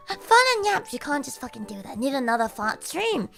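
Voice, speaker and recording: A woman streamer talks casually to her viewers at normal speed, her voice hoarse and strained. She stays high in her range and swoops across it, animated, giggly and freely foul-mouthed, while faint music plays softly behind her.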